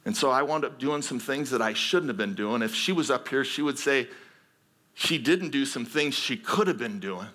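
A man's voice: medium pitch, expressive, moderate pace, a bit bright. A man preaching a sermon as a pastor, telling his own story earnestly and then pressing his point with emphatic exhortation.

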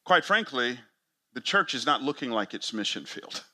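A man's voice: big pitch swings, normal speed. A man preaching a sermon to church planters, emphatic and full of rhetorical questions. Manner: emphatic, rhetorical questions, big swings in pitch and loudness.

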